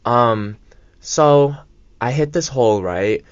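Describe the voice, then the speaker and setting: A man's voice: mid-range voice, expressive, takes it slowly, dry recording. A young man co-hosting a radio show, telling a story in a rambling, casual way with lots of fillers and asides. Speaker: radio co-host. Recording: dull lo-fi college radio mic.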